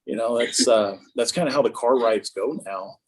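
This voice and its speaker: A man's voice: mid-range voice, moderate pace, low-quality recording. A man in his fifties, a guest in a casual interview, telling stories about his life with a self-mocking, joking humor. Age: 50s. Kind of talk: casual conversation.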